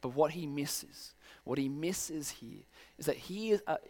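An earnest male preacher delivers a sermon, often driving his point home with pointed rhetorical questions. His voice sits a little high for a man. The sound carries a long hall reverb. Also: animated, measured pace, creaky, a little mellow.

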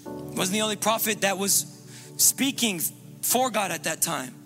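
A man preaching a sermon as pastor, impassioned and repetitive, swinging between loud urging and hushed low passages. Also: animated, moderate pace, soft background music.

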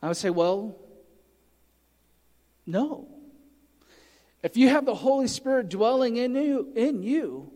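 A man's voice: very high voice, animated, takes it slowly, long pauses, warm tone, in a large hall. A man preaching a sermon, earnestly teaching and reading scripture aloud with emphasis. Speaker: pastor.

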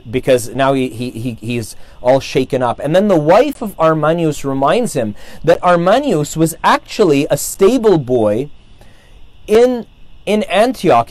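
A man's voice: fairly high pitch, darkish tone, no room sound. A man casually retelling a saint's life, rambling, with many fillers and restarts. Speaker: storyteller.

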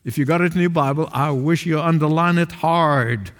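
A man preaching a sermon to a small congregation in a church, emphatic, swinging between raised calls and low, quiet asides. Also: normal speed. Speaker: pastor. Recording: long reverb of a large hall.

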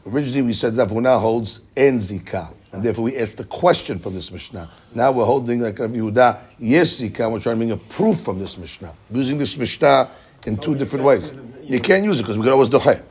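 Husky man teaching a Talmud class. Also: medium pitch, fast, a little mellow. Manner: explains step by step, repeats key phrases, answers students' questions. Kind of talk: Talmud study class explanation.

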